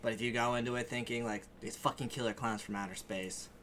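Young man, co-host, casual movie chat, bright tone, relaxed swearing. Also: medium pitch, quick pace, a little hiss or hum.

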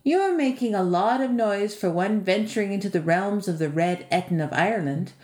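Brief: woman reader doing a cautious goatherd, calm warning tone, echoey. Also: mid-range voice, lightly acted. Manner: measured, warning.

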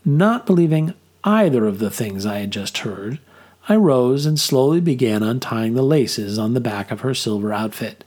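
Husky-voiced male storyteller. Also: mid-range voice, lively intonation, normal speed, darkish tone. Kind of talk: reading a first-person story aloud.

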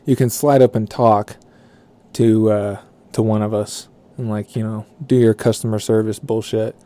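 A man's voice: on the low side, little pitch movement, moderate pace, mellow. A man telling a profane work story casually, rambling and correcting himself as he goes. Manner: rambling, swearing, self-correcting.

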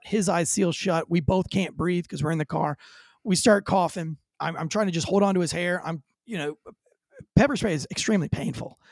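A former police officer, appearing as an interview guest, tells a dramatic story with lots of energy and acts out the quoted lines. His voice is creaky, and there's no room sound.

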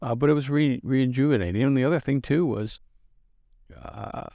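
A man's voice: medium pitch, normal speed, dark tone, dry recording. A man in his sixties, a podcast guest, telling stories about himself in a rambling, self-deprecating way with lots of restarts. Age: 60s. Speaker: podcast guest, business founder. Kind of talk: casual storytelling interview.

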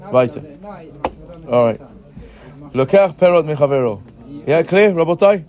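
A man teaching a Gemara class, explaining and checking with his students with frequent "right?" questions and halting restarts as he reads the text. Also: fairly high pitch, expressive, darkish tone, dull audio. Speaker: Talmud teacher. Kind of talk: Gemara class mixing English and Hebrew terms.

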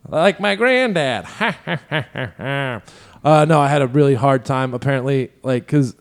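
A man's voice: mid-range voice, expressive, takes it slowly. A man hosting a casual podcast chat as a stand-up comic, swearing freely and laughing at his own stories.

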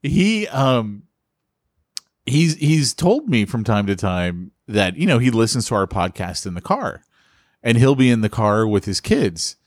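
Teasing podcast host, dry sound. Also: male voice, medium pitch, big pitch swings, a little slow, dry recording. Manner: teasing, laughs often. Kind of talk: casual chat.

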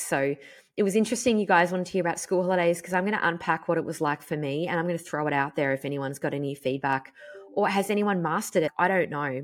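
Low-voiced woman telling it frankly. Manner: frank, animated storytelling with swearing and filler words. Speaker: podcast host. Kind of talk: candid personal monologue.

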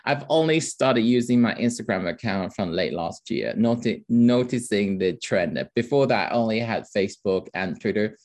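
A man with a Taiwanese accent, a comedian speaking as an interview guest in a careful, earnest way. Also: lowish voice. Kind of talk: casual interview.

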